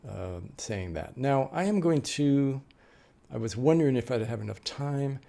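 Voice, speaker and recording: In a note-taking lecture, a middle-aged American man who trains interpreters explains things patiently, with plenty of fillers and restarts. His medium-pitched voice is creaky and warm, with lively intonation and a measured pace.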